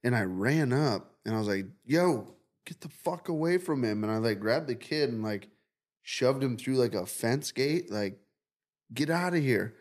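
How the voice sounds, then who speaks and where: A man's voice: mid-range voice, expressive, unhurried. Profane rambling male storyteller. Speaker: podcast co-host. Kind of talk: casual chat, telling a dream story.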